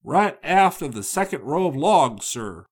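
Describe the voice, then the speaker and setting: A man's voice: on the high side, sing-song, measured pace, breathy edge, pitched above the performer's own voice, full character voice. A man voicing a frightened male mate who reports trouble in an agitated way. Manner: agitated, alarmed.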